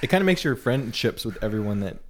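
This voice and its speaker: Young male podcast co-host, rapid talker, quick jokes, faint noise behind him. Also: medium pitch, very animated. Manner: quick joking interjections. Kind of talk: casual chat.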